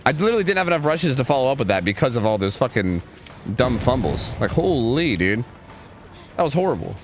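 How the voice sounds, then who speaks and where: A man's voice: mid-range voice, very animated, a little fast. A young man streaming a game, chatting casually, rambling with lots of filler words and swearing when frustrated. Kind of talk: casual live gameplay commentary. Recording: clear background noise under the voice.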